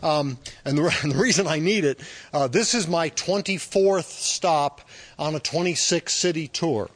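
A man's voice: a little high, moderate pace. A man speaking on a microphone to a live bookstore audience as a touring author, rambling with many fillers and restarts. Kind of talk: casual talk at a book event. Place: bookstore event room.

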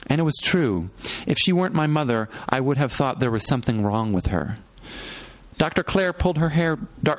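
A man narrating a literary novel in the first person, measured and reflective, pausing between short phrases. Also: mid-range voice. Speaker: audiobook narrator.

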